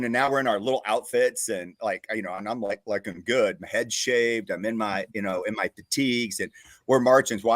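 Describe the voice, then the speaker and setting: Laughing, animated male talk show host. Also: mid-range voice, no echo. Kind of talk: casual storytelling chat.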